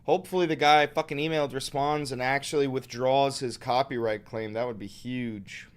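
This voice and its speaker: A man's voice: mid-range voice, steady tone, brisk, smooth. A young man hosting a livestream, talking casually and swearing a lot, muttering worries to his chat. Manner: profane, angry outbursts. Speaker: streamer host.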